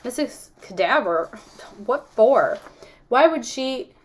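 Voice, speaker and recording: A woman's voice: on the high side, lively intonation, slow, pitched above the performer's own voice. Insistent, earnest young girl, read by a woman narrator. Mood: worried. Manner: earnest and indignant.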